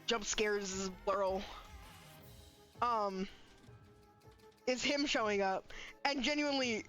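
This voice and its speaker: A young adult woman chatting casually on a live stream, rambling and animated, swearing freely and laughing often. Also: medium pitch, slow. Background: faint music.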